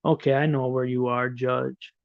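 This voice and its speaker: A man's voice: mid-range voice, flat delivery, moderate pace, creaky, dry recording, lo-fi sound. A middle-aged man hosting a livestream, chatting casually with viewers in a rambling, profane way. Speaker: livestream host. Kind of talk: casual live chat, answering viewers.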